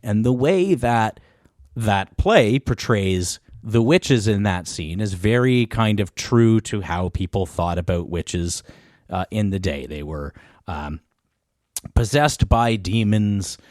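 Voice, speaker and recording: A man co-hosting a podcast, talking in quick rambling bursts and laughing often. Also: lowish voice, animated, a little mellow, no echo, studio quality. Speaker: podcast co-host. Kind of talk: casual chat.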